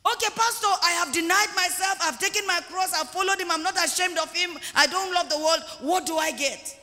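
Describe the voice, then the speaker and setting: Sex: man. Figure: a preacher playing an eager male churchgoer, pleading and insistent. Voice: very high and bright. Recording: long reverb in a church hall. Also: brisk, full character voice. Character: eager male churchgoer asking for his reward.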